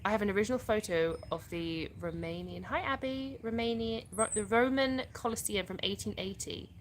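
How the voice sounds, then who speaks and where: A woman's voice: medium pitch, moderate pace, slight background noise. An English woman hosting a casual live stream, reading viewers' questions aloud and answering them chattily. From England (born in the US). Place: outdoors in the sun.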